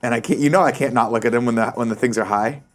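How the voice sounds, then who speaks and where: A man's voice: medium pitch, rapid-fire. A man co-hosting a morning show, bantering in a jokey, slangy way. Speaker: co-host. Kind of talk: casual chat.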